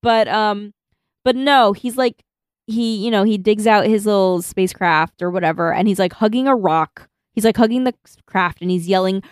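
A woman's voice: mid-range voice, moderate pace, smooth, no room sound, studio quality. A woman co-hosting a podcast, chatting casually and laughing as she reads out her notes. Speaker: podcast co-host. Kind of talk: casual chat recapping an anime.

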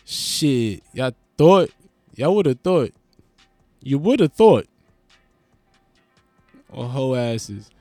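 A man doing a comedic monologue, animated and profane, riffing with lots of restarts. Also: mid-range voice, very slow, pauses often, dry recording, studio quality, faint music behind. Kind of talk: stand-up style comedic monologue.

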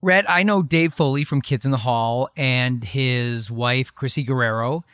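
A man co-hosting a podcast, telling a story in a quick, chatty way and laughing easily. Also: mid-range voice, a bit bright, clear, resonant tone, dry recording, clean studio sound. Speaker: podcast co-host. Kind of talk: casual podcast chat.

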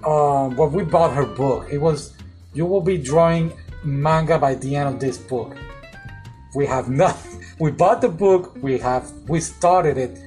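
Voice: mid-range voice, measured pace, a little mellow, rough recording. Chatty podcast host over faint guitar. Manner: chatty and loose, with restarts and small grammar slips. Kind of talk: casual chat. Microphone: phone nearby on desk.

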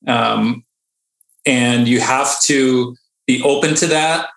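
A man who is a Navy diver, a podcast guest telling a story in a casual, animated way and often laughing. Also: medium pitch, slow, creaky. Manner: animated, laughing, acts out quotes. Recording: echoey room.

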